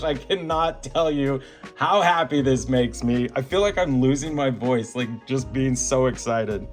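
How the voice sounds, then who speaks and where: A man hosting a card-opening vlog, calling out each card and gushing when a big pull appears. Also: medium pitch. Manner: gushing, animated, breaks into laughter and shouts at big pulls. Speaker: card-opening channel host. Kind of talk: excited pack-opening vlog.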